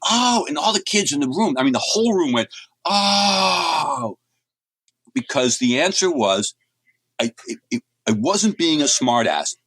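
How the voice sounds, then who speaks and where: A husky, fairly bright mid-range voice with no room sound comes from a middle-aged man from the US. He writes comics and, as an interview guest, tells chatty, rambling stories that often restart in a casual storytelling style.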